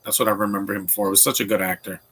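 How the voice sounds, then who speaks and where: A man with a low, husky voice and a bright, forceful edge, giving casual movie commentary. He rambles and restarts often, airing blunt opinions as the film plays. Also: fairly even intonation, racing. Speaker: podcast commentary host.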